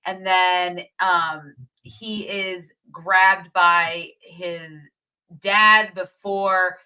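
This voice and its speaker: Bright-voiced woman chatting casually. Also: fairly low pitch, drawn-out words, smooth. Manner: retells the plot in a lively, chatty way with frequent laughs. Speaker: co-host reviewing a movie. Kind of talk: casual chat.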